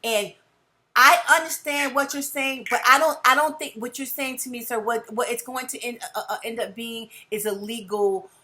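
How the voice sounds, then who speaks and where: A woman's voice: a little high, fairly even intonation, moderate pace, sharp tone. A woman on a heated phone call reporting a crime, insistent, stammering and repeating words as she presses her point. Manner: insistent, repeats words, keeps saying sir.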